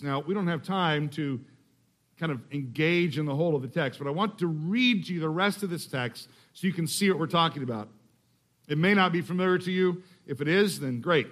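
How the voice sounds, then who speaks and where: A middle-aged man from Texas preaching a sermon in a conversational way, slowing down to read scripture aloud. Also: on the high side, fairly bright tone. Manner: conversational, restarts phrases, slows to read scripture. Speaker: pastor.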